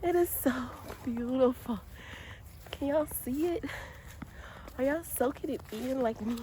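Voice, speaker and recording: Woman, vlogger, outdoors in snow, phone mic, faint background noise, high voice, chatty. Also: a little slow, dark tone. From Georgia, US. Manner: chatty, laughing, exclaiming about the cold. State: cold, slightly out of breath. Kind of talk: casual vlog outdoors in snow. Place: outdoors in snow, parking lot. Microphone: handheld phone camera.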